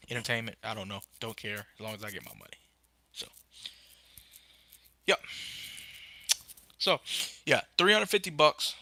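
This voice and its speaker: A young man hosting a casual tech podcast over a phone live stream, rambling with many fillers and bursting into excitement about phones. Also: on the low side, no room sound. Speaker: podcast host.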